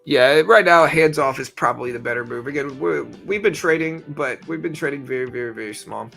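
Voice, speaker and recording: A man's voice: mid-range voice, brisk, vocal fry, faint music behind. A young man hosting a live trading stream, talking casually and loosely, with lots of fillers and repeated phrases, and he has the hiccups. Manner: relaxed, rambling, repeats himself, many fillers. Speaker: livestream trading host.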